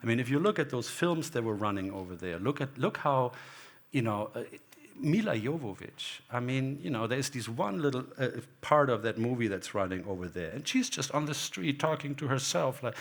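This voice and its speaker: Gravelly-voiced man. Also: mid-range voice, lively intonation, moderate pace, hardly any pauses. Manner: rambling, anecdotal, acts out quoted exchanges. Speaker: guest photographer. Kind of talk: onstage talk. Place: gallery hall before an audience.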